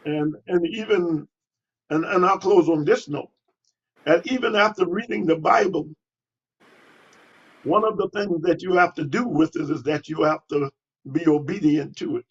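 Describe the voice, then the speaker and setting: An older man, a pastor, answering interview questions in a halting way with many pauses and fillers, on a dull lo-fi recording. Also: fairly high pitch, breathy edge.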